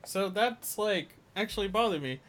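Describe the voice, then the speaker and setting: Animated man chatting on a podcast. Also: normal speed. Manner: animated, swings from low mumbles to loud exclamations. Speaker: podcast co-host. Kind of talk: casual chat.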